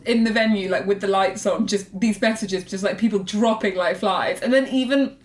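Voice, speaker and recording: A woman's voice: medium pitch, moderate pace. A young woman co-hosting a podcast, telling stories in a casual, giggly way and acting out quotes with lots of laughter. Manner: giggly, animated storytelling with acted-out quotes. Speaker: podcast co-host. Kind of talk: casual chat.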